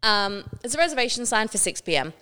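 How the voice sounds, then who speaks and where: A young woman with a smooth, clear voice tells a story on a casual podcast. She is animated, swears freely and acts out what people said. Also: on the high side, fast talker. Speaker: podcast co-host.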